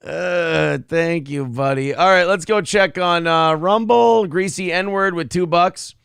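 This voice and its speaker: A man hosting a casual livestream, reading super chats in a profane, rowdy way with sudden loud outbursts, a little drunk. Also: on the high side, slow, vocal fry, clean tone, dry recording, clean studio sound. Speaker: livestream host.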